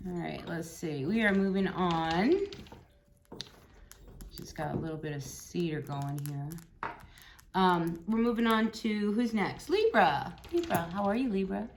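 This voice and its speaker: A woman's voice: mid-range voice, lively intonation, measured pace, pauses often, background noise. A woman giving a casual, chatty tarot reading, encouraging and blunt, often tagging lines with "right?" and "you know". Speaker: tarot reader.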